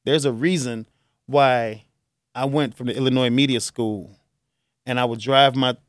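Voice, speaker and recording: A man's voice: mid-range voice, fairly even intonation, unhurried, dry recording, studio quality. A middle-aged man from Chicago, a radio host delivering an earnest, grieving talk-show monologue that rambles with restarts. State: choked up.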